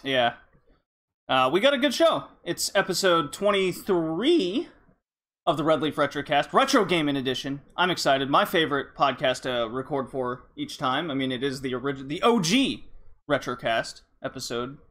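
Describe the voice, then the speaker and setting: Man, podcast host, casual chat, rambling with fillers, higher voice. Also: lively intonation, moderate pace, a bit bright.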